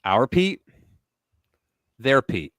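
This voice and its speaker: A man's voice: medium pitch, very slow, dry recording. A man hosting a live political commentary stream, talking casually with sarcastic, mocking asides. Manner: animated and sarcastic, mocking voices. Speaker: host.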